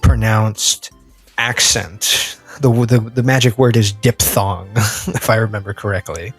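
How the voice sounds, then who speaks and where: A man co-hosting a movie podcast, talking casually and haltingly with lots of fillers and restarts. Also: on the low side, fairly even intonation, slightly rough, soft background music. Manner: hesitant, many fillers and restarts. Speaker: podcast co-host. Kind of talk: casual chat.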